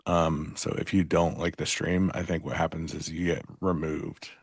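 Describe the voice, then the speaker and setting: Very deep, gravelly male co-host, deadpan sarcasm, dry close sound. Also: moderate pace, no echo. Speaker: livestream trading co-host. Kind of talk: casual live-stream chat.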